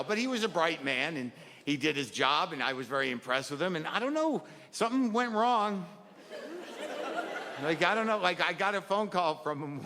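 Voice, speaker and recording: Middle-aged male comic, fretful and self-mocking, pitched high; live stage with hall echo and loud background. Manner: neurotic, self-deprecating rants with acted-out asides. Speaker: stand-up comedian. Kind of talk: stand-up comedy set. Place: stage in a comedy venue. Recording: live venue with long reverb and loud crowd noise.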